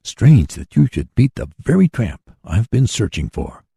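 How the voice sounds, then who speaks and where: A man voicing an eager young male inventor in a storybook reading, brisk in manner. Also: fairly low pitch, very animated, creaky, dark tone, husky, dry recording, clean studio sound, pitched above the performer's own voice, exaggerated voice.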